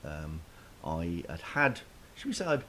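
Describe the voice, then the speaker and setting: A man's voice: low voice, big pitch swings, a little slow, sharp tone. A man casually telling a self-deprecating story in a chat, with lots of restarts, over a faint hiss.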